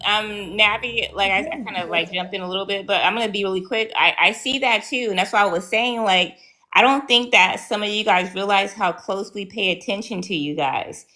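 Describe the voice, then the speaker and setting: A woman on a live panel jumping in quickly, with hesitant fillers. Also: medium pitch, sharp tone, rough recording. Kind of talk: live audio panel discussion.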